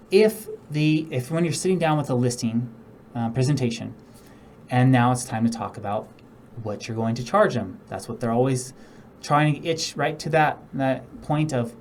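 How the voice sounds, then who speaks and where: A man's voice: medium pitch, darkish tone, slight background noise. Casual male real estate trainer. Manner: casual, demonstrates tones and acts out example speakers. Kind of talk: instructional talk.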